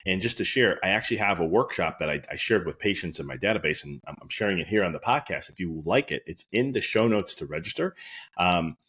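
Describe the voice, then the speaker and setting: Low, husky, fast-talking man. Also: animated, a bit bright. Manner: anecdotal, earnest storytelling. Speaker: chiropractor and podcast host. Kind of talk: casual podcast monologue.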